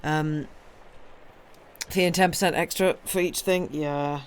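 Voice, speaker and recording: Woman host, slightly croaky, casual chatty stream talk. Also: deep voice, fairly even intonation, unhurried, pauses often. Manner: chatty and rambling, reads viewer comments aloud. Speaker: host of a story-reading stream. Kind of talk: casual chat with viewers.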